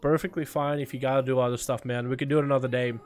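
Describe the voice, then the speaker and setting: A man from Russia chatting casually on a game livestream, excitable and swearing, swinging from quiet mumbles to loud bursts. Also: mid-range voice, very fast. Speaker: game streamer. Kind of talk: casual gaming livestream chat.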